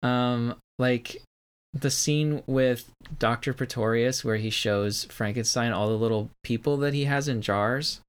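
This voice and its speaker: A man co-hosting a podcast, discussing an old film with enthusiasm and halting often with fillers. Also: mid-range voice, clean tone. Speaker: podcast co-host.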